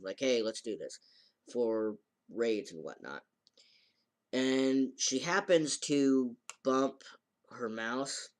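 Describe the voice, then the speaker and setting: A man recapping an anime episode in a casual, rambling way, full of halting restarts and fillers. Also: medium pitch. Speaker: anime reviewer.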